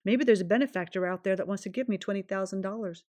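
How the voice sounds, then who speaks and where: A woman's voice: medium pitch, fast talker, darkish tone, no room sound. A woman hosting her own podcast, talking earnestly and emphatically in a reflective solo monologue, her voice shaking with emotion. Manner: earnest, emphatic, self-affirming. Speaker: podcast host.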